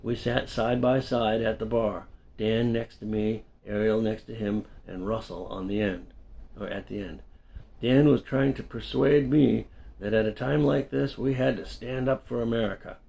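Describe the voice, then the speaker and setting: Man, middle-aged, memoir reading, gravelly, unhurried, conversational. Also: mid-range voice, steady tone, mellow. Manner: unhurried, conversational, with small self-corrections. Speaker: storyteller and English teacher. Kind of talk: reading his own memoir aloud.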